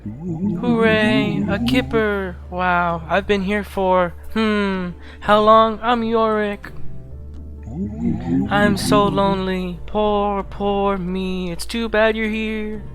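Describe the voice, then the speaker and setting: A man voicing a lonely male ghost in an exaggerated, drawn-out ghost voice. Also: sits high, steady tone, music in the background, voice pushed up. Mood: mournful.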